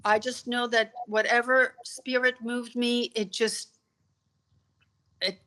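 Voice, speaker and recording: Deliver this as a woman guest recounting a personal story, with a bright, ringing tone pitched a little high. Tell it vividly and earnestly, and let words stumble and repeat when emotion takes over. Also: flat delivery, slow pace. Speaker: podcast guest.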